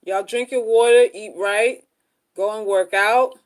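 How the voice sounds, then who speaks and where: Speaking a little slowly with fairly even intonation, a woman hosts a casual relationship-advice livestream. She repeats herself while talking straight to viewers, her quiet asides punctuated by loud, high outbursts.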